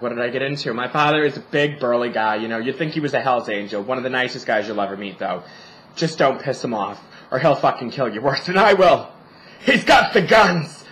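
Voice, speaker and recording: Sassy, lively-voiced drag queen man. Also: mid-range voice, a little hiss or hum, poor audio. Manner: sassy, profane, joking. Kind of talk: campy casual vlog monologue. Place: indoors at a family home.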